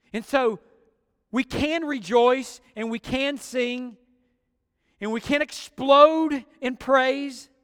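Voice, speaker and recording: A male pastor preaching a fervent sermon, slowing down and swelling on key phrases. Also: extremely high pitch, a bit bright, clear, resonant tone, long reverb tail. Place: church sanctuary.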